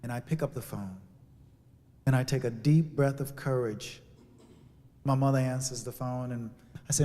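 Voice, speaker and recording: A man telling a personal story as a sermon, with dramatic shifts from hushed to loud. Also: mid-range voice, fairly even intonation, normal speed, long pauses. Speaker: speaker. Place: church sanctuary. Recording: long hall reverb.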